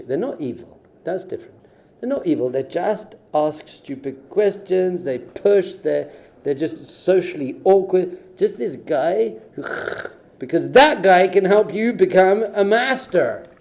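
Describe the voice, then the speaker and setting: A middle-aged rabbi gives a lively Torah class to yeshiva students, swinging between loud emphatic bursts and quiet asides while dropping in Hebrew terms. His voice is fairly high and creaky.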